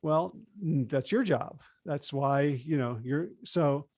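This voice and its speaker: Author guest, male, lively conversational delivery, slightly high voice, dry close mic. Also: takes it slowly, no echo. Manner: animated, acts out quoted dialogue. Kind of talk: conversational interview.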